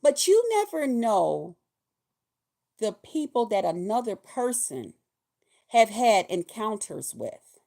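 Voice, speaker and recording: A woman with a medium-pitched, mellow, creaky voice speaks slowly and very animatedly, leaving long pauses. She hosts a weekly livestream, chatting in a casual, folksy way and greeting and thanking her viewers directly.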